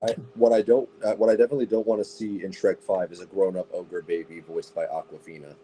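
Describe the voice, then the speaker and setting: A man's voice: deep voice, little pitch movement, quick pace, dark tone, slight background noise, rough recording. A man on a casual podcast chat, blunt and sarcastic, swearing freely as he gives his opinions. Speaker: podcast co-host.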